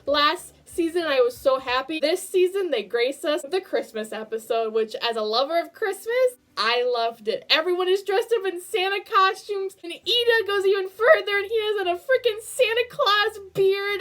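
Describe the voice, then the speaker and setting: A young woman reviewing an anime in a casual vlog, talking in a gushing, emotional way that swings from hushed to excited. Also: extremely high pitch, normal speed, few pauses.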